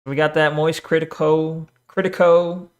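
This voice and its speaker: A man's voice: on the high side, little pitch movement, a little slow, clear, resonant tone. A man streaming and chatting casually, reading chat, swearing often and rambling between topics.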